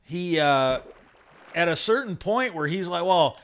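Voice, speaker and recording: A man's voice: a little high, expressive, a little slow, fairly bright tone, clean tone. A man hosting a livestream, casually rambling through stories with many fillers and restarts. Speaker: livestream host.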